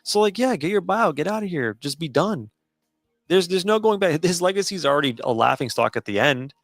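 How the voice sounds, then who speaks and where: A man's voice: a little high, lively intonation, a little fast, no room sound. A man co-hosting a casual sports podcast, confident and teasing. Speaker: podcast co-host.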